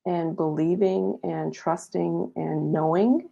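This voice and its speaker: An earnest woman guest talks reflectively about her inner path. Her voice is low and gravelly with vocal fry. The audio is dull and lo-fi. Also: steady tone, slow pace, warm tone. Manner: earnest, reflective, laughs lightly. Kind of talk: casual spiritual talk-show chat.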